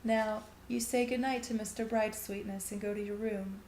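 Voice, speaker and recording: A woman's voice: mid-range voice, fairly even intonation, normal speed, a little mellow, a little hiss or hum, close to an everyday voice. A woman voicing a distracted, anxious mother who talks in a fretful, apologetic way, in a story reading in an echoey room.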